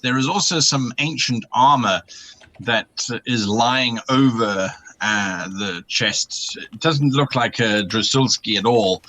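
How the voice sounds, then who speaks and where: A man narrating as game master, describing scenes in a bright, forward voice. He talks through the action with small hesitations and restarts. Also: fairly low pitch.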